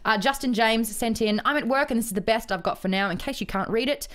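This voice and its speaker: A woman's voice: fairly high pitch, quick pace, a bit bright. A young woman co-hosting a casual podcast, bubbly as she reads out fan messages. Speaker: co-host.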